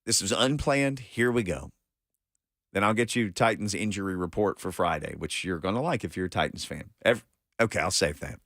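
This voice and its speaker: A man's voice: low-pitched, expressive, moderate pace, a bit bright, dry recording. A man hosting a sports radio show, rambling through a playful story and mimicking voices. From small-town American. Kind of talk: casual sports radio chat. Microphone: studio microphone. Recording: dry studio sound.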